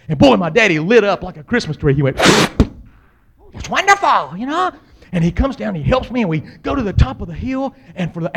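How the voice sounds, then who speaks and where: A man with a drawl spins a funny tale from his own life, his voice sitting high for a man. He acts out the voices of the people in it and lets out big yells at the exciting moments. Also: gravelly. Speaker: storyteller. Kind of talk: humorous personal storytelling.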